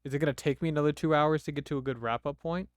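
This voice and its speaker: A man's voice: a little high, rapid-fire, dry recording, clean studio sound. A man streaming a game, casually thinking aloud and asking his viewers questions. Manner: relaxed, thinking aloud, asks chat questions. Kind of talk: casual gameplay chat with viewers.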